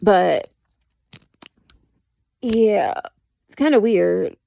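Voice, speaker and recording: Rambling woman with a gravelly, mellow voice. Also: mid-range voice, lively intonation, drawn-out words, dry recording. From United States. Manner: rambling, heavy use of "like", frequent restarts. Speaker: vlogger. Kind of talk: casual storytelling monologue.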